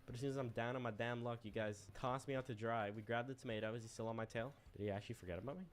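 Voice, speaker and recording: A man's voice: medium pitch, steady tone, very fast. A young man streaming a game, commenting in a playful, teasing, mischievous way as he plays. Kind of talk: casual gameplay commentary.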